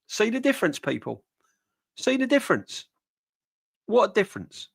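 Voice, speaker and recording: A middle-aged man hosting a football fan stream, reading viewer comments and answering them in an animated, emphatic way, often repeating his points. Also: high voice, normal speed, creaky, long pauses, breathy edge. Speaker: football fan channel host.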